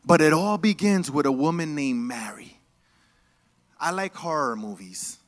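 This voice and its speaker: High-voiced animated male preacher. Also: measured pace. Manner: animated, call-and-response with the congregation; casual, joking asides. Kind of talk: sermon. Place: church.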